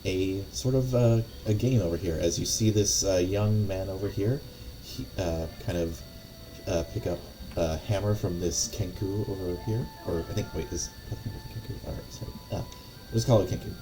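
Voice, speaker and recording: A man's voice: low voice, moderate pace, noisy background. A man narrating as game master of a tabletop game, rambling with lots of fillers and restarts.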